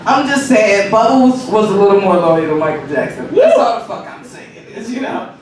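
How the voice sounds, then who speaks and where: A man's voice: high-pitched, moderate pace. A man rehearsing a stand-up comedy set, telling profane stories with lots of energy and laughing at his own jokes. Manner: profane, animated storytelling. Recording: echoey room, mic far off, noisy.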